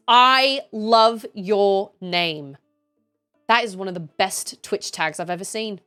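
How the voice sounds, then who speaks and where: A chatty woman in her thirties talks casually while she plays, answering her chat. Her voice moves up and down a lot as she talks. Soft background music plays under her voice. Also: mid-range voice, animated, slow, long pauses, smooth. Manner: chatty, reads chat aloud, laughs often. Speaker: streamer.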